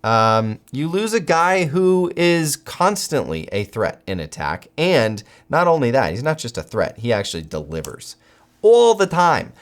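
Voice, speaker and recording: An American man hosting a football channel, giving solo commentary with animated, incredulous outbursts. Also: mid-range voice, a little slow.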